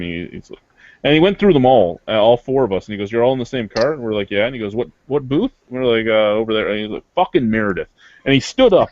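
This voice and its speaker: A man, swearing freely as he tells an animated anecdote in casual chat. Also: medium pitch, dry recording. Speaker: beer reviewer. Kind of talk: casual storytelling. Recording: dry, slightly muffled recording.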